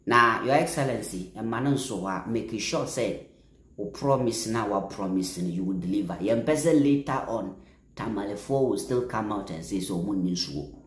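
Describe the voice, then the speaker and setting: A man with a Ghanaian accent giving impassioned political commentary, emphatic, repeating phrases and bursting into louder stretches. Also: lowish voice, normal speed, roomy sound. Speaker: social media commentator.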